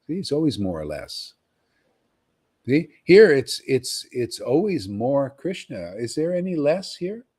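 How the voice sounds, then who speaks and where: A man giving an informal, rambling devotional talk to followers, often pausing to ask "see?" and repeating himself. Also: mid-range voice, very animated, darkish tone, breathy edge. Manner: conversational, rambling, repeats words and asks "see?". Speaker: spiritual teacher.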